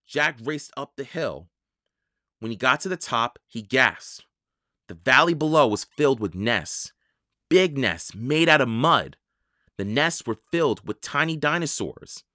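Slow, lively storybook narrator. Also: medium pitch, no echo, clean studio sound. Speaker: audiobook reader. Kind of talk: children's audiobook narration.

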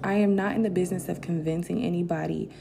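Woman doing a story time vlog, kinda low gravelly voice, gets heated and indignant. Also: fast, noisy background. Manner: candid and animated, outbursts of indignation. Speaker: vlogger.

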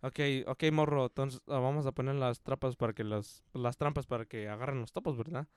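A guy doing an old field hand, slow and patient. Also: mid-range voice, steady tone, clean tone, dry recording, clean studio sound, close to an everyday voice. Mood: patient instructing. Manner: slow, repetitive, ends every phrase with a questioning tag. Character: older Spanish-speaking male field worker who ends every sentence with 'verdad'.

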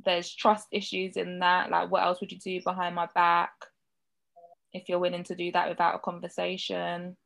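A frank woman talks in a casual podcast chat. Her voice has a gravelly, creaky edge, and she swears without holding back. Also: fairly low pitch, monotone, moderate pace, fairly bright tone.

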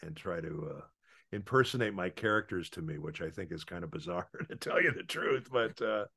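A man, a voice actor, rambles through anecdotes in casual interview chat, with many filler pauses. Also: sits low, lively intonation, gravelly, pushed and bright, slightly rough. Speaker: voice actor guest.

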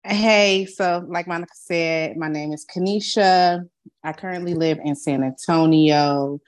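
A woman in her thirties from Chicago, a guest co-host in a casual podcast chat. Her voice sits fairly low, and she tells joking stories at an easy, relaxed pace. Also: a little slow.

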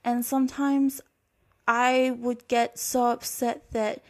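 A woman's voice: on the high side, level tone, takes it slowly. Earnest young Australian woman confiding. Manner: earnest, reflective, emotional. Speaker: podcast host. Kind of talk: confessional storytime monologue.

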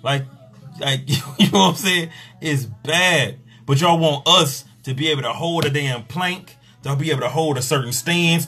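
A man, a pleasure coach, in an exasperated, profane comedic rant in a husky voice. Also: on the high side, bright, forceful tone.

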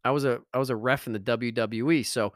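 Middle-aged man, podcast host, energetic motivational talk, dry close sound. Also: medium pitch, fast talker, no echo. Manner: energetic, emphatic, repeats phrases for effect. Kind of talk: motivational monologue.

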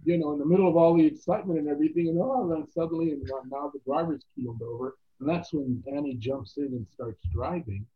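A man telling stories as an actor guest in a casual interview, animated and quoting other people's voices. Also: a little high, fast talker, hardly any pauses, husky. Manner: animated anecdotes with quoted voices. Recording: tinny phone-like line.

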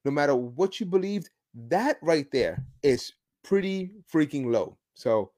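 A podcast host talking solo with a lively, swooping pitch. The delivery is sarcastic and mocking, punctuated by emphatic bursts of stress. It sounds like an unscripted monologue of opinionated commentary. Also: measured pace. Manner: sarcastic, mocking, chuckling asides.

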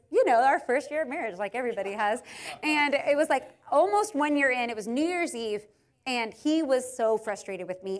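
A woman in her thirties giving a conversational sermon, telling family stories in a chatty, animated way with frequent fillers. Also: sits high. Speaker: speaker at a church gathering.

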